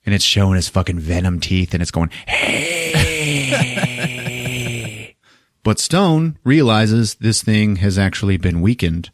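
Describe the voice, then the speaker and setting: A man's voice: sits low, normal speed, dry recording, studio quality. A man hosting a podcast, casually recapping a film with profanity and funny acted-out voices. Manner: animated, profane, acts out scenes with funny voices. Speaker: podcast host. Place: podcast studio.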